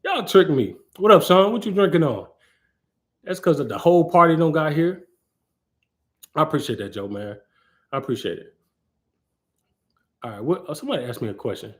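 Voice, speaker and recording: Animated guy hosting a live tech q&a, playful, kinda high voice, echoey room. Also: moderate pace, long pauses. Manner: animated, playful, acts out scenes. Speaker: cloud architect hosting a live Q&A. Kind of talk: casual livestream talk. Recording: roomy echo.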